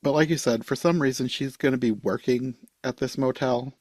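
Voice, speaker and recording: A man hosting a podcast, chatting casually about a movie with a laid-back, wry manner that drops into quiet asides. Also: mid-range voice, a little fast, no echo. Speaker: podcast host. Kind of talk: casual movie review chat.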